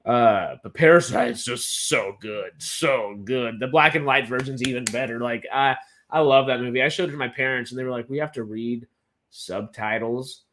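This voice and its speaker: A man's voice: medium pitch, normal speed, fairly bright tone. A young man from Texas, chatting casually as a film news co-host on a live stream, rambling, stammering and enthusiastic.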